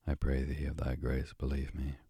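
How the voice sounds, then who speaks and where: A man's voice: very deep voice, completely flat delivery, moderate pace, vocal fry, dark tone, husky, dry recording, full character voice. A man voicing a frightened young pauper boy who pleads in humble, archaic speech. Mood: pleading.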